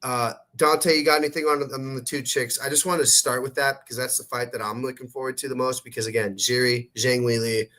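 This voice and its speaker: A brash, profane man running a casual sports podcast. His voice sits at an ordinary middle pitch, and he rattles through fight picks with loud bursts and plenty of swearing. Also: level tone. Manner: brash, profane, fast-talking. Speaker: podcast host.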